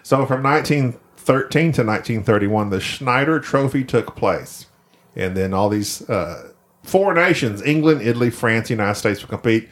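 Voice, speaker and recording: Lively man reviewing a board game. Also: medium pitch. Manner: animated, rambling, quick to laugh. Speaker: podcast co-host. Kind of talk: casual chat, game review.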